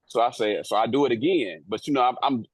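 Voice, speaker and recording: His medium-pitched, slightly rough voice moves at a quick pace over a dry, rough recording. The co-host, an airport police officer, relays a story from his job in a loose, cursing, slang-heavy style while acting out the other people.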